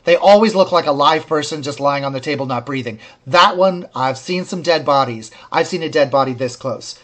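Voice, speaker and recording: Male co-host with a slightly raised pitch, articulate and wry. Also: fairly quick, fairly bright tone. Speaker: co-host reviewing a series. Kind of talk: casual review chat.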